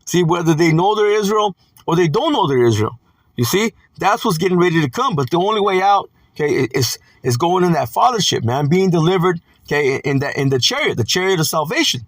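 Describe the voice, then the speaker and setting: A man teaching from scripture in a casual preaching style, tossing in "man" and "okay" and reading verses slowly and deliberately. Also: high-pitched, lively intonation, dry recording.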